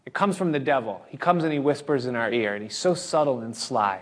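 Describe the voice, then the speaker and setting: A man's voice: medium pitch, lively intonation, fairly quick. A male pastor delivering an earnest, expository sermon and addressing the congregation directly. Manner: earnest, expository, acts out the congregation's inner voices.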